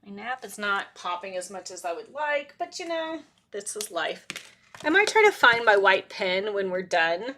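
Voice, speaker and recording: A woman's voice: mid-range voice, very animated, moderate pace, pushed and bright, a little hiss or hum. A woman hosting a live crafting stream, chatting casually and talking to herself as she works, often laughing. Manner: rambling, self-talk while working, laughs often. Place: crafting desk.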